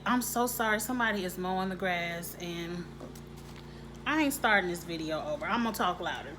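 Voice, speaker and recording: A woman giving a casual, opinionated vlog review of a TV episode, with animated asides. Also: lowish voice, a little fast, a little hiss or hum. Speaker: TV show reviewer. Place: home, grass being mowed outside.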